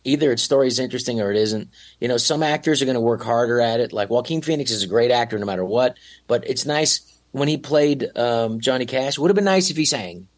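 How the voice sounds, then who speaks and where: A man's voice: medium pitch, quick pace. A middle-aged man chatting as a podcast guest, rambling with lots of "you know" and restarts. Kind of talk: casual chat.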